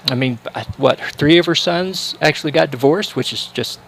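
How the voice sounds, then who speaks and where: Guy commentating a livestream, kinda high voice, rambly chat with lots of ums and restarts. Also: moderate pace, creaky, a bit bright, a little hiss or hum, low-quality recording. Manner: rambling storyteller, many fillers and restarts. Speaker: sports broadcast commentator.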